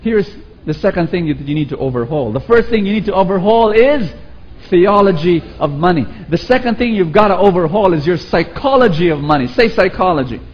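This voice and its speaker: A man preaching a sermon with a Filipino accent, animated and calling on the audience to repeat after him. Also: sits high, fairly quick, lo-fi sound. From Philippines. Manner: animated, acts out quoted voices, calls for audience response.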